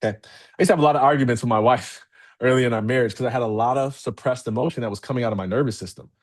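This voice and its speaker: A man giving a motivational talk as keynote speaker to a live audience, candid and energetic, often checking in with "okay?". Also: mid-range voice, very fast. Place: event room with a live audience.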